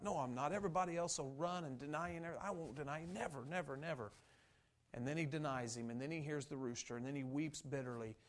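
A man preaching a sermon as pastor, passionately acting out biblical dialogue and swinging from loud to hushed. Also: mid-range voice.

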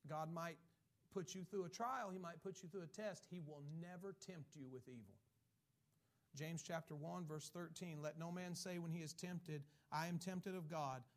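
A pastor with Irish ancestry preaches emphatically at a moderate pace, his voice fairly high. He reads scripture aloud and mimics the excuses people make.

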